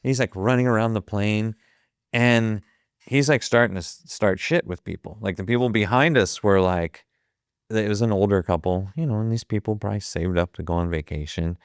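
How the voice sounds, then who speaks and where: Speaking at normal speed, a man with a fairly low, clear, resonant voice is recorded dry with clean studio sound. A guest and photographer from Ohio in his fifties, he tells a casual story with plenty of profanity, acting out the quoted lines vividly.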